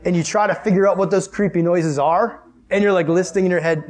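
A young man leading a youth group, telling a story in a chatty, animated way and laughing often before moving into Bible study. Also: high-pitched, brisk.

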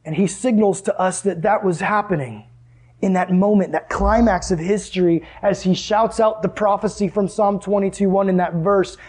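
A man preaching a sermon in a conversational way, asking the room questions and dropping to hushed tones for emphasis. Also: high-pitched, moderate pace, husky.

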